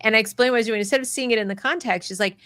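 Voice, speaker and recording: Animated woman host telling a story. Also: on the high side, very fast, dry recording. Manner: animated, laughs often, acts out quotes. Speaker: podcast host. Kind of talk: casual storytelling conversation.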